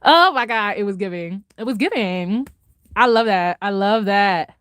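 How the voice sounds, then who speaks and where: A woman vlogger in a casual reaction chat, gushing and excitable, laughing often and swinging between loud highs and soft mutters. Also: measured pace, clear, resonant tone, dry recording, clean studio sound.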